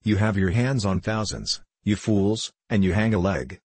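Man voicing a blind old pirate beggar, furious, cursing, low voice, husky. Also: moderate pace, a little mellow, dry recording. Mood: raging. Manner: snarling commands, cursing.

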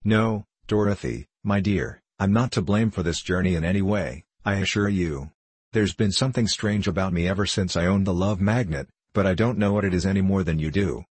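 A man's voice: low voice, fairly quick, husky, dry recording. A man voicing a friendly, shaggy wandering man who talks reassuringly, in an audiobook reading.

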